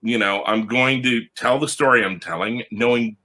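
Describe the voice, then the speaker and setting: A comic book writer tells stories at a normal speed during an animated podcast interview. He voices the people in his anecdotes, leaping up and down in pitch as he acts them out.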